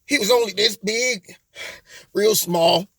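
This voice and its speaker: A man's voice: sits high, slow pace, vocal fry, fairly bright tone, slightly rough, no room sound, full character voice. A man playing a melodramatic, weepy man in a satirical comedy sketch, sobbing and trailing off. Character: melodramatic weepy man telling of a store insult.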